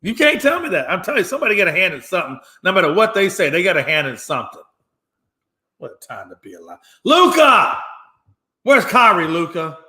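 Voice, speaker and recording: Lively, bright-voiced man ranting about sports. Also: high voice, fast talker. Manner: emphatic, mocking, repeats lines for effect. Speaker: sports show host. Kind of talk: solo sports talk rant.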